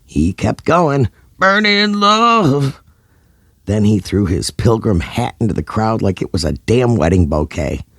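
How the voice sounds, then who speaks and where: A man's voice: low-pitched, moderate pace, hardly any pauses, dark tone, breathy edge, no room sound, studio quality. A man narrating a scripted comedy story in a dramatic, over-the-top way.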